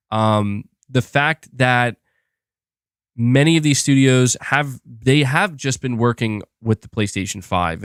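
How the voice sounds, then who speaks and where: A young man hosting a casual gaming podcast, rambling excitably with restarts and laughs as he reads viewer messages. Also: medium pitch, smooth, no echo, studio quality. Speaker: podcast host reading super chats. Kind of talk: casual live-stream chat.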